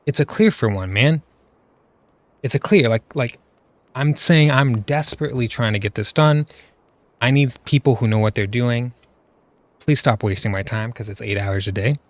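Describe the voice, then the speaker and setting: A man's voice: mid-range voice, no echo. Exasperated man ranting, dry sound. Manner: exasperated, ranting, keeps tagging "right?" and "you know what I mean?". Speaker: gaming commentator. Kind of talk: casual rant over gameplay footage.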